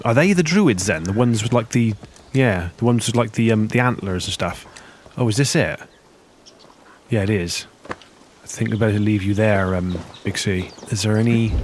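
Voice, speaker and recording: Chatty man with a low voice. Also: background noise. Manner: chatty, muttering to himself, sudden high-pitched exclamations. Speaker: gameplay commentator. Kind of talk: let's play commentary.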